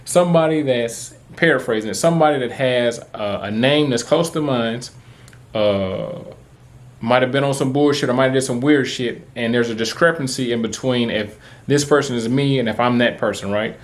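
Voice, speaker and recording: A man's voice: mid-range voice, moderate pace. A man, talking to camera in a casual, rambling, profane way, full of fillers. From Texas. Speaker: vlogger. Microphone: camera mic, talking to camera.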